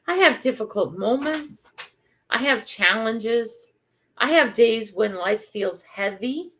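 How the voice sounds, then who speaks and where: A woman's voice: on the high side, takes it slowly, a little hiss or hum. Chatty older woman telling a story. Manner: chatty, animated, laughing through a funny story. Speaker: livestream host. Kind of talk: casual storytelling on a livestream.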